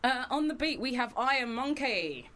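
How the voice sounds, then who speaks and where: A woman's voice: high-pitched, expressive, moderate pace, a little hiss or hum. A woman co-hosting a hip hop radio show, asking friendly, easy questions. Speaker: radio co-host. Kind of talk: casual radio chat.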